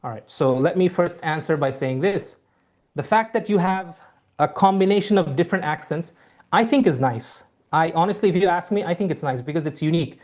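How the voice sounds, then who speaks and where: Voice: medium pitch, a little fast, darkish tone. A teacher running a live online class on a video call, answering students' questions in a friendly, patient way and repeating key points. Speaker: IELTS teacher. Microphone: computer mic on a video call.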